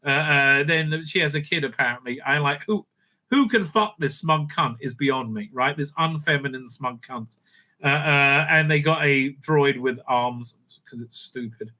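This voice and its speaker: A man's voice: mid-range voice, measured pace, pushed and bright. A man hosting a casual spoken review, sarcastic and crude, with many hesitant fillers. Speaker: show host, reviewer.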